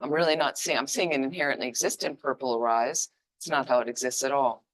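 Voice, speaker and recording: A woman giving an informal, conversational dharma teaching with emphatic, lively asides. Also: very deep voice, fast. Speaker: Buddhist teacher.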